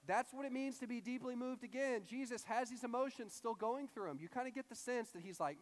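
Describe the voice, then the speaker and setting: A young man preaching a casual, conversational sermon as a pastor, animated and acting out quoted voices. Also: very high-pitched, fairly quick, hardly any pauses, in a large hall.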